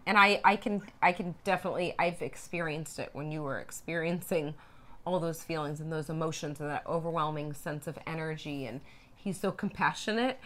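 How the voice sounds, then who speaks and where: Thoughtful woman with a lower voice. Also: a little fast, a bit bright. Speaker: podcast co-host. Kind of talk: casual personal conversation.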